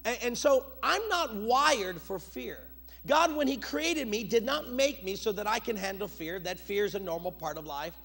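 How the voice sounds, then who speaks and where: A middle-aged male pastor preaching a sermon, moving from loud urgent bursts to low, quiet asides. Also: lively intonation, normal speed, creaky.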